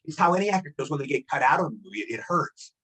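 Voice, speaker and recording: A man being interviewed as a guest actor, telling stories in a fast, excitable way and acting out the quotes. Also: a little high, breathy edge, rough recording. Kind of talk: animated storytelling.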